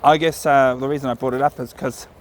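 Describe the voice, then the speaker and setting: Talking fast in a steady, mid-range voice, a New Zealand man walks his dog on a riverside trail and chats to camera in a casual vlog. He rambles and frequently fixes his sentences partway through, against a little hiss or hum.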